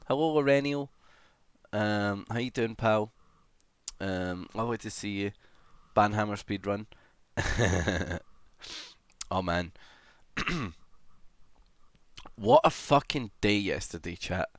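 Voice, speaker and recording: A man's voice: on the low side, smooth, dry recording. Chatty man greeting stream viewers. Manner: chatty, swears casually, greets viewers one by one. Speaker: livestreamer. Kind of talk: casual livestream chat, greeting viewers.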